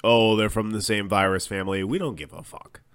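A man co-hosting a comedy podcast, loud and jokey, swearing often. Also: lowish voice, steady tone, a little fast, clear, resonant tone. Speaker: podcast co-host. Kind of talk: casual comedic chat.

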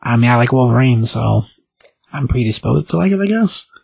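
A man casually recapping and reviewing a comic book as a podcast host, rambling and animated as he quotes the characters. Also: medium pitch, fairly quick, gravelly, husky, no echo.

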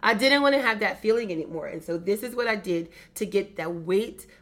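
A woman's voice: mid-range voice, animated, a little fast, a bit bright. A middle-aged woman giving an emphatic motivational business talk, repeating phrases for effect. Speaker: business coach.

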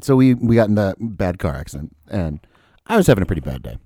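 A deep-voiced podcast host talks quickly, recorded cleanly in a studio with no echo. Telling a story in casual chat, he's animated, swears freely, and acts out what people said.

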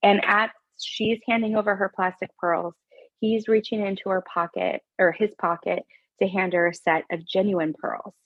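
Husky-voiced woman, earnest storyteller. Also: medium pitch, normal speed, dry recording, dull audio. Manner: earnest, animated, with frequent fillers and restarts. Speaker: podcast guest. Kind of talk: conversational storytelling.

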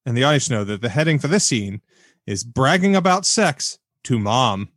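A man's voice: mid-range voice, very animated, normal speed, a bit bright, no room sound, studio quality. A man co-hosting a podcast, reviewing a film in a casual, wry chat with long run-on thoughts. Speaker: podcast co-host.

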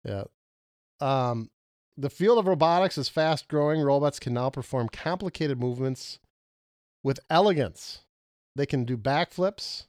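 A middle-aged man chatting loosely on a show, joking around and tripping over his words. His voice sits at an ordinary pitch, and the sound is dry and close, with no room echo. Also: animated, a little slow, darkish tone. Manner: rambling, jokey, stumbles over words. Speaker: podcast co-host. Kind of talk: casual chat.

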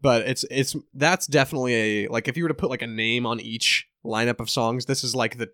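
A man's voice: medium pitch, steady tone, a little fast, a bit bright, no room sound, studio quality. A man co-hosting a podcast, chatty and rambling in casual banter. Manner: chatty, rambling, laughs often. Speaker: podcast co-host.

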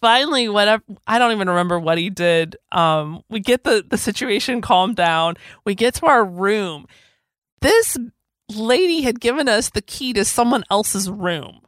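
A woman co-hosting a podcast, telling a story in a blunt, animated way and swearing freely. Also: mid-range voice, normal speed, no echo. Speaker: podcast co-host. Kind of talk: casual chat, storytelling.

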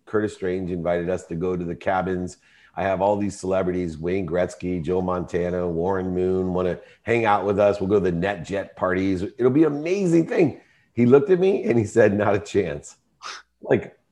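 A man, a guest entrepreneur, telling his life story with emphatic, emotional delivery in an interview. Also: low voice. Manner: emotional, emphatic, rising to shouting in quoted arguments.

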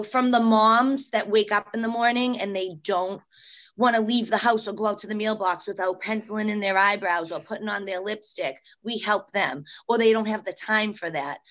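Woman, business-owner guest on a podcast, chatty and heartfelt, middle pitch. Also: fairly bright tone, rough recording. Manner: chatty, heartfelt, many "you know" fillers. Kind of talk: casual podcast interview.

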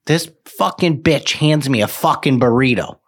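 A man telling a long gripe story on a podcast. His voice sits at an ordinary pitch. He talks in a loose, profane, aggravated way, stacking details as he goes. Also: expressive, normal speed, breathy edge. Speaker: podcast co-host. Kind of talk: casual chat.

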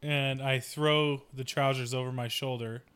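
A man's voice: mid-range voice, steady tone, a little slow, fairly bright tone, clear, resonant tone. A man playing a tabletop game, chatty and apologetic. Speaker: player.

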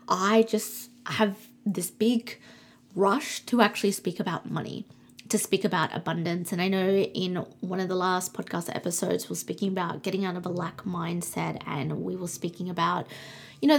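A young woman hosting a spiritual podcast, reading cards and speaking softly and soothingly, slowing down for affirmations. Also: mid-range voice, breathy edge. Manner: soft, soothing, slows down for affirmations. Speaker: podcast host.

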